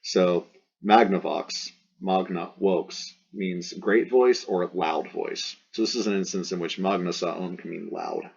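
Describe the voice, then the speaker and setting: A man with a low, husky voice walks through a Latin passage in a relaxed teaching manner. He thinks aloud and weighs several renderings for each word. The recording sounds dull and lo-fi. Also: a little slow. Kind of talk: casual recorded Latin translation lesson.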